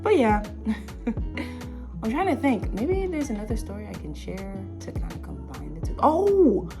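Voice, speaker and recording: A woman's voice: a little high, big pitch swings, a little slow, music in the background. A young woman vlogger telling a childhood story in a casual, rambling way, full of fillers and little laughs.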